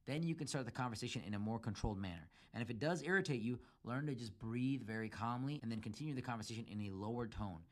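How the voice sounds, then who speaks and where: A man talks quickly through relationship advice on his podcast, laying it out step by step. He speaks at a mid pitch and grows emphatic when he mimics a partner's complaints. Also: expressive. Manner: emphatic, acts out quoted arguments in a raised voice; lays out numbered steps. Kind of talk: solo advice talk.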